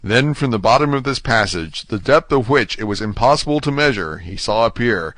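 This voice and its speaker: A man narrating a classic novel as an audiobook, in a steady, even storytelling manner. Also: medium pitch, brisk, no room sound. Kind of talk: scripted narration.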